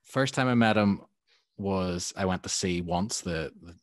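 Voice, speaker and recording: A man, a guest musician telling animated anecdotes in a casual podcast chat, laughing often. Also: sits low, normal speed, no room sound.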